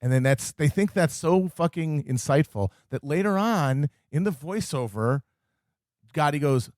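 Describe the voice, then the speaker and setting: Sardonic ranting man, slightly high voice. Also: animated, a little mellow, no echo, clean studio sound. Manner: sardonic, ranting, quick asides. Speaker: podcast co-host. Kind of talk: casual podcast banter.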